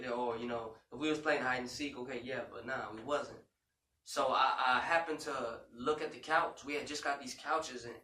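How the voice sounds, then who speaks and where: Speaking in a pushed, bright voice of medium pitch, a male co-host on a casual talk show podcast tells a frightening story with emotion and plenty of "you know" and "man." The sound is echoey and distant, with faint background noise.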